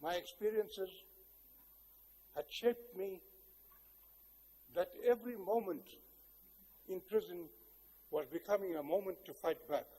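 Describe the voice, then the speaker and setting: An older South African man giving a public speech, telling a personal story in a measured, reflective way with wry humor. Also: high-pitched, warm tone. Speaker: guest speaker. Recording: long hall reverb.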